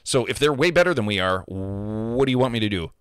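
A man's voice: fairly low pitch, animated, fairly quick, fairly bright tone, clean tone, no room sound, studio quality. A man, a gamer, ranting casually and heatedly about online trolls, profane and emphatic. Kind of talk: casual rant.

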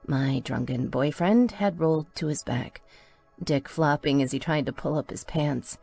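A woman's voice: low-pitched, unhurried, vocal fry, darkish tone, soft background music. A woman reading a first-person audiobook in an intimate storytelling manner. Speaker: audiobook narrator.

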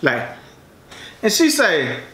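A man's voice: on the high side, takes it slowly. A man vlogging casually to camera while eating, telling a story with frequent laughter. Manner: animated, laughs often, drawling asides. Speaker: mukbang vlogger. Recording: roomy echoey room.

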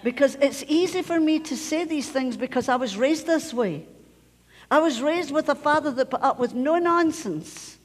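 In a church sanctuary full of long reverb, a Scottish woman pastor delivers her sermon at normal speed with a high, animated voice. She speaks emphatically, circling back to key phrases and now and then dropping nearly to a whisper.

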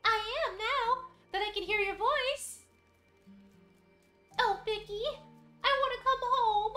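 A tiny, gentle female cartoon mouse, voiced by a woman speaks slowly and wistfully in a very high, bright voice. She sounds lost and longing. The recording is echoey, with faint game music underneath. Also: heavily acted. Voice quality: soft, tiny high-pitched voice. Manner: slow, wistful and tender. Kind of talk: reading game dialogue aloud in character.

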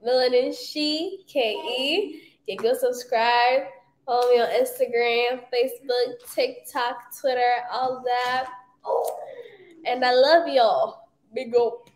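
A woman's voice: fairly high pitch, steady tone, slow, echoey room, a little hiss or hum. A young woman, casually greeting viewers in a laid-back, slangy way. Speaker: host's daughter.

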